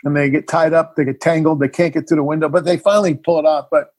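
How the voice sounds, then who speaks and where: A man's voice: on the high side, steady tone, fast, a little mellow. A middle-aged man, a filmmaker guest in a casual interview, telling a story animatedly and acting out the scenes.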